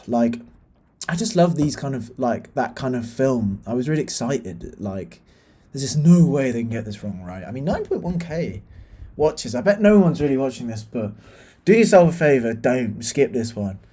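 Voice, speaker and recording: Young British man, mellow tone, casual exasperated film reviewer with lots of ums and restarts. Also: medium pitch, very animated, moderate pace, slightly rough. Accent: British English. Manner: exasperated, ranting, frequent fillers and restarts.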